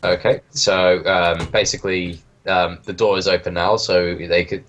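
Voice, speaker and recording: A man's voice: deep voice, little pitch movement, a little slow, fairly bright tone, dull audio, slight background noise. A man running a tabletop role-playing game as game master, hesitant and often laughing between his rulings.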